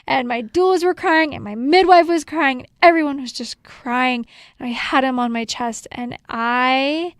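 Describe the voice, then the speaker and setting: A fairly high-pitched woman tells her story with lots of animation, slipping into quoted voices and laughing between lines. The sound is dry and close, with no room echo. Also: moderate pace. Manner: animated, acts out quotes, laughs often, says "like" a lot. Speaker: podcast co-host sharing her birth story. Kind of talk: casual conversational storytelling.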